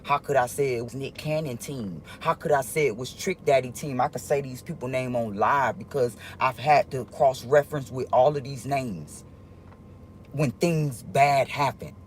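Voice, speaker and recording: A man talking to his viewers in a casual livestream monologue, rambling and halting with many restarts, in an earnest, confiding way. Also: mid-range voice, slight background noise.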